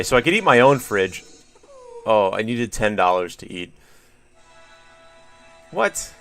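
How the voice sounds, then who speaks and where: A man's voice: on the low side, a bit bright, dry recording. A man streaming a video game, rambling wryly and swearing casually as he chats with viewers. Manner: rambling, profane, wry musing to chat. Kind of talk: casual gameplay commentary.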